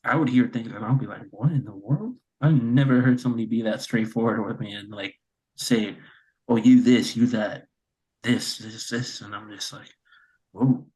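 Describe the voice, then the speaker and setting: A man with a husky, fairly low voice, speaking casually on a podcast. He hesitates often and restarts his sentences as he talks. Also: steady tone, moderate pace, a little mellow, poor audio. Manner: hesitant, many fillers and restarts. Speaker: podcast co-host. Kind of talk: casual chat.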